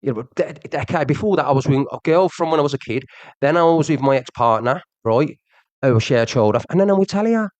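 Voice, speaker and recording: A man delivers a heated livestream rant, jabbing at someone he calls out and circling back to the same points again and again. His voice sits a touch high for a man, and the sound is close and dry with no room around it. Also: lively intonation, quick pace, a little mellow, no room sound. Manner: confrontational, repeats himself, addresses the viewer directly.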